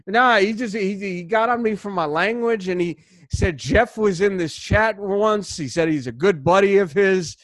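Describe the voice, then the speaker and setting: A man hosting a sports podcast, chatting casually in an animated, rambling way full of restarts. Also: sits high, normal speed, dry recording. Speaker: podcast host.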